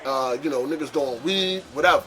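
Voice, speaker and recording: A young man telling a long personal story in a casual vlog, full of street slang and cursing. His voice sits slightly high for a man. He stays animated, breaking into high shouts for emphasis. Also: a little fast.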